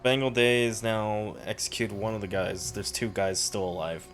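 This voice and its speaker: A man's voice: lowish voice, fairly even intonation, moderate pace, a bit bright, faint music behind. A man narrating a tabletop role-playing game as game master, in a loose, rambling way with fillers.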